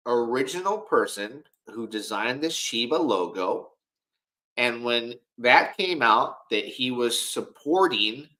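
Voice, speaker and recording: A man's voice: mid-range voice, pushed and bright, low-quality recording. Male livestream host, casual commentary, rambling and self-assured, keeps repeating words.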